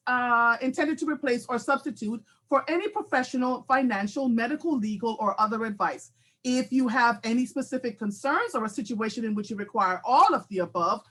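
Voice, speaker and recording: A woman in her forties hosting a live talk show, telling a candid, animated personal story with frequent laughter. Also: on the high side. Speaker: host.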